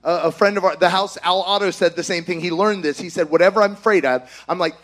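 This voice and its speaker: A middle-aged man preaching a sermon with impassioned exhortations, rising to shouts. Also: high-pitched, animated, fairly quick, few pauses.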